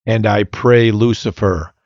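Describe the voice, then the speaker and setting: A man's voice: lowish voice, steady tone, unhurried, darkish tone, dry recording. A man voicing a mocking, scornful male devil in a storybook reading, on a slightly muffled, dry recording. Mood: sneering. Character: mocking sneering male devil possessing a girl.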